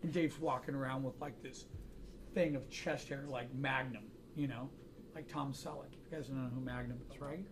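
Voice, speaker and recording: A man's voice: medium pitch, fairly even intonation, moderate pace, noisy background. A man teaching a drawing class, chatting casually and joking through anecdotes in front of students. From United States. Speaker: art instructor.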